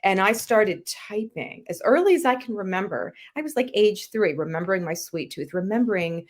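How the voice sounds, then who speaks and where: An animated woman guest on a podcast, talking through her own story. Her voice sits at a middle pitch and leaps up suddenly for emphasis, then drops low and soft. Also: moderate pace. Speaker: guest, health coach and author.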